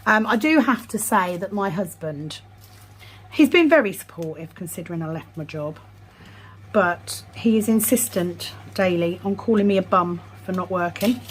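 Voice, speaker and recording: A woman's voice: medium pitch, low-quality recording. Chatty woman with background hiss. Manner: chatty, self-deprecating, murmurs numbers slowly. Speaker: vlogger. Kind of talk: casual chat while sorting craft supplies.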